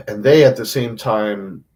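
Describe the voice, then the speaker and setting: Speaking in a lowish, somewhat mellow voice, a man rambles through a raw confessional monologue on a livestream, beating himself up, cursing frequently, and stopping and restarting as he goes.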